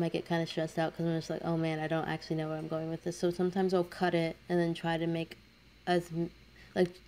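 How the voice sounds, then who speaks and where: A woman's voice: lowish voice, vocal fry, dark tone, slight background noise. A young woman in college chatting casually over her speed paint, rambling and self-deprecating with lots of fillers. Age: young adult. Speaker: artist narrating a speed paint.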